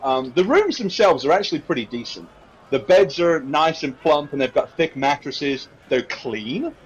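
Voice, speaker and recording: A man's voice: a little high, expressive, moderate pace, highs cut off, a little hiss or hum. A man narrating a tabletop game as game master, in a casual rambling way.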